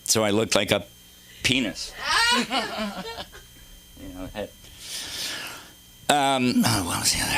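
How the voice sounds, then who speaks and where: Middle-aged male stand-up, lowish bright voice, swoops all over, swears freely while rambling. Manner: rambling, profane, self-mocking storytelling. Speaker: stand-up comedian. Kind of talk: stand-up comedy set. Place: comedy club stage.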